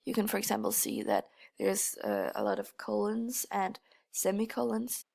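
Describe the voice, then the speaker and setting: A woman student presenting an analysis of a poem, hesitant, with pauses and fillers. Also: medium pitch, sing-song, vocal fry, a little mellow. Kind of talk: spoken poetry analysis.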